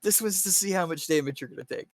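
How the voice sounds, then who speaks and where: A man running a tabletop game as dungeon master, narrating in a halting, filler-heavy way. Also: high-pitched, no echo, rough recording. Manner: hesitant, full of fillers and restarts. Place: home setup on a stream.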